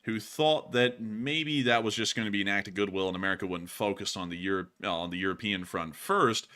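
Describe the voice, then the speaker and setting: Man, livestream host, excitable, laughs often, bright voice. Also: lowish voice, a little fast. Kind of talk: casual livestream chat.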